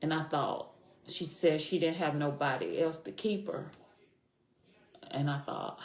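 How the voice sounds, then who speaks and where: A middle-aged woman with a very low, deep voice tells her own story as a podcast guest. She speaks earnestly and from the heart, repeating key phrases for weight. The sound has a noticeable echo from the room. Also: measured pace, pauses often, darkish tone. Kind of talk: personal story in a podcast interview. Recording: echoey room.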